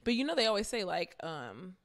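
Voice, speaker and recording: A woman in her twenties co-hosting a casual podcast chat, telling stories in an animated, frank way and acting out what people said. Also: on the low side, fairly quick, gravelly. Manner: animated storyteller who acts out quoted exchanges; frank and outspoken, with casual cursing. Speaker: podcast co-host.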